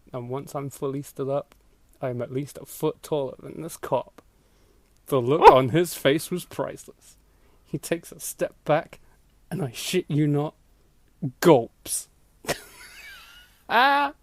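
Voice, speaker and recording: A man's voice: a little high, lively intonation, measured pace, long pauses, no room sound. A man hosting a podcast, reading an old story aloud for laughs, breaking into laughter and acting out the lines. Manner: laughing through a mocking read, acting out voices. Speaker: podcast host. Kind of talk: comedic dramatic reading of an old blog post.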